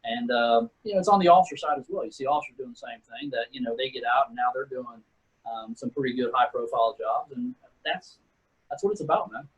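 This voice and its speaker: This guest, a middle-aged retired Army sergeant first class from Texas, talks briskly in a husky, medium-pitched voice. He's relaxed and casual while recounting war stories, throwing around "man" and "dude", and the recording is rough.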